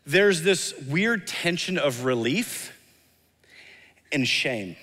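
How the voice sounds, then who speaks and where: A male pastor delivers an earnest sermon, driving his points home by repeating them. His voice sits a little high. The sound carries a long reverb from the church sanctuary. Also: animated, drawn-out words, sharp tone. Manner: earnest, acts out quoted voices, emphatic repetition.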